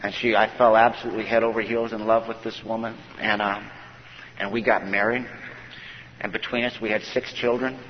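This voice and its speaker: A man's voice: on the low side, level tone, fairly quick, a little hiss or hum. Folksy man telling his story in an echoey hall. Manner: folksy storyteller who acts out quoted dialogue. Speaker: speaker at a recovery conference. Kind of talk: personal recovery story told from a stage. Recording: dull echoey hall recording.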